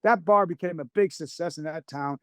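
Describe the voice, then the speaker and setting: A man's voice: fairly high pitch, normal speed, fairly bright tone, dry recording. A man, a guest on a podcast, telling a long anecdote in a rambling way, with many restarts and acted-out quotes. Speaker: series creator guest. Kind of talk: podcast storytelling.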